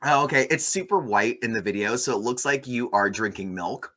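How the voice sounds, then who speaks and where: A man hosting a casual movie review chat, sarcastic and animated, mocking the film with quick impressions. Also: mid-range voice.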